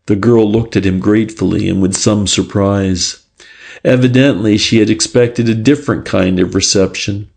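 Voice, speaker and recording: A man narrating an audiobook in a measured, even storytelling manner. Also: on the low side, vocal fry. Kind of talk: scripted narration.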